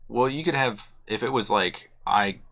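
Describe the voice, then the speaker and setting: A man's voice: fairly low pitch, normal speed, gravelly, fairly bright tone. A man co-hosting a podcast in a casual chat, explaining things plainly with dry humor. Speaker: podcast co-host.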